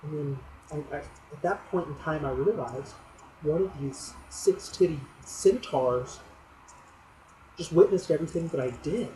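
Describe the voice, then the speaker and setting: A man delivering a rambling comic monologue for his fantasy league's weekly roast, telling crude jokes in a low-key, deadpan way. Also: a little slow, a little hiss or hum, poor audio.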